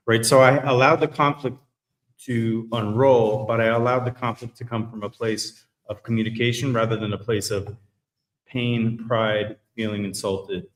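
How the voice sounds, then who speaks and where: A man talking candidly in a podcast conversation, blunt and reflective, swearing freely. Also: fairly low pitch. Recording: roomy echo.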